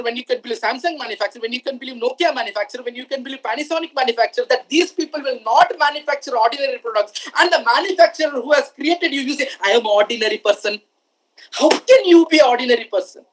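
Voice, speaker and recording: Addressing a room of students, a motivational speaker with a high voice talks emphatically, repeating lines for effect and often throwing questions at the audience. The recording is low quality.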